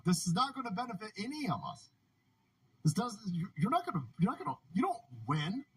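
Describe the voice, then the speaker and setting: A man's voice: high voice, husky, poor audio. A man hosting a political livestream, ranting in a casual, profane way and often laughing. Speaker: livestream host. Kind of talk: casual political commentary stream.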